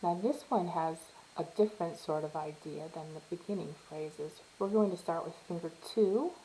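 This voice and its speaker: A woman's voice: on the low side, moderate pace, slight background noise, low-quality recording. A woman teaching a step-by-step piano lesson, patiently explaining and counting beats aloud while she plays. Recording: soft piano playing behind her.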